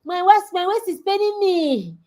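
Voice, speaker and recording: A woman's voice: very high-pitched, very animated, moderate pace, warm tone, pitched above the performer's own voice. A woman voicing a tired young girl who whines and complains about a long class. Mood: whiny. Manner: whining, complaining.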